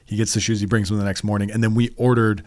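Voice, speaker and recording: A man, a podcast guest, telling his story in a rambling, halting way with many restarts. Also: fairly low pitch, flat delivery, no echo. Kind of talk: casual storytelling interview.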